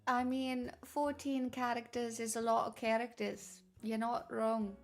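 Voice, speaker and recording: A woman streamer with a fairly high voice talks to her chat at an unhurried, drawn-out pace. She rambles and mocks herself, with plenty of ums and likes. Soft music plays faintly underneath. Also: flat delivery. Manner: rambling, self-mocking, full of fillers. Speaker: livestreamer. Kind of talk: casual chat with stream viewers.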